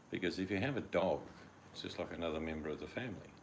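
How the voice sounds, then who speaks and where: Very deep gravelly older Australian man. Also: quick pace, a little hiss or hum. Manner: chatty and rambling, acts out his dogs in quoted voices. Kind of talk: casual chat.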